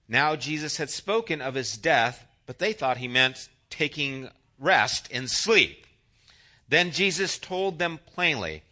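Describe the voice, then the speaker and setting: Bright-voiced man preaching a sermon. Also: on the high side, very animated, measured pace. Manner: conversational, anecdotal preaching with voiced asides. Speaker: pastor.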